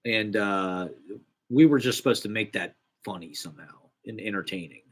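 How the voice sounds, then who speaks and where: A young man with a slightly low voice, talking casually in a rambling monologue. He swears freely and pokes fun at himself. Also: normal speed. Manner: rambling, profane, self-deprecating.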